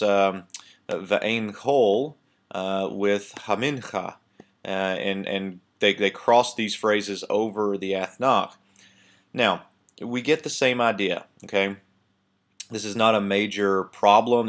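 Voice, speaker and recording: A man giving a casual recorded lesson on a Bible passage, thinking aloud with many pauses, fillers and restarts. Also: lowish voice. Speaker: Bible teacher. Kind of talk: screen-share lecture on Hebrew text.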